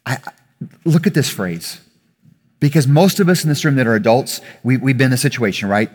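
A male pastor preaching a conversational sermon to a congregation, getting louder and more emphatic as he makes his points. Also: medium pitch, expressive, fairly quick. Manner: conversational preaching, rising with emphasis, self-corrections. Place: church hall with audience. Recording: reverberant hall.

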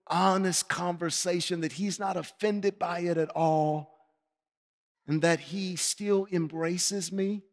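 High-voiced guy preaching, gets loud then goes quiet, big echoey hall sound. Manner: passionate, swings between shouting and quiet reflection. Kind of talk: sermon. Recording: long hall reverb.

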